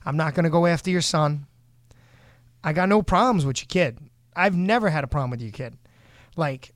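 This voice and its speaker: A man with a fairly high voice rants bluntly on a casual talk show, swearing as he vents. His speech is heated and straight to the point. The sound is dry and close, with no room around it. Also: moderate pace, long pauses, no room sound. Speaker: show host. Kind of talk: casual podcast rant.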